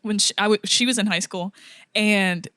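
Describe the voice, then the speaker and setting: A young woman on a podcast tells a long personal story in casual chat. She laughs a lot and acts out each quote, at a middle pitch. The sound is close and dry. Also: steady tone, normal speed, pushed and bright, no echo. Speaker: podcast co-host.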